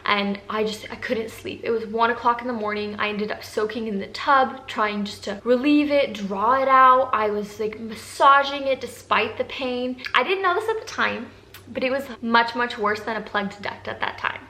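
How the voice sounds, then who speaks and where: A woman's voice: on the high side, normal speed, pushed and bright. A young adult woman candidly telling viewers a personal story in casual talk. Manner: candid, emotional, addresses viewers as guys. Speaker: vlogger telling her breastfeeding story. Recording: echoey room with faint background noise.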